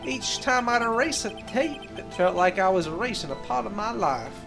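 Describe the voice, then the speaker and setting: A swaggering cowboy detective drawls his folksy lines in a put-on, deliberately bad Texan accent, as a woman acts him out. The voice swoops widely and crackles with gravel, and music plays underneath. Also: mid-range voice, animated. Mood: laid-back. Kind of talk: fan voice-acting of a game.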